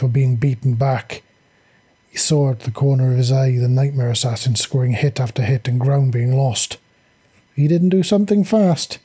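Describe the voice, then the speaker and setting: A man reading a fantasy story aloud with steady, dramatic storytelling. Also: medium pitch, husky. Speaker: audiobook narrator.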